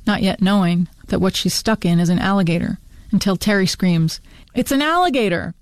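A woman's voice: medium pitch, a little mellow, dry recording. Woman reading her own story aloud. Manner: brisk storytelling with run-on sentences.

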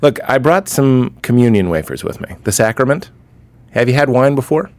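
An actor in a comedy sketch playing a pushy, churchy man posing as a rented dad, asking deadpan, probing questions. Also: mid-range voice, moderate pace, dry recording, natural voice.

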